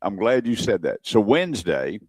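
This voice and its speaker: Deep-voiced radio host spinning a story. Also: male voice, moderate pace, dry recording. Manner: lively storyteller who acts out the people in his tale. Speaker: radio show host and car-buying advisor. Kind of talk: radio talk show storytelling. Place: radio studio.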